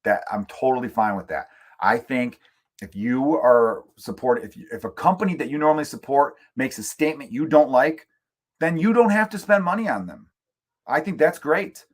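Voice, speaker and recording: A middle-aged man hosting his own comedy podcast from home, rambling through opinions in a casual rant and swearing freely. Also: medium pitch. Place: room at home.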